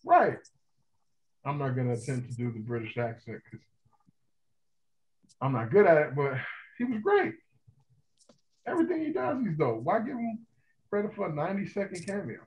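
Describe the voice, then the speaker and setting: A man co-hosting a podcast, talking casually and profanely with lively enthusiasm. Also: fairly high pitch, moderate pace, long pauses, low-quality recording. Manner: animated, profane, enthusiastic film talk. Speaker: podcast co-host. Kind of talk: casual chat.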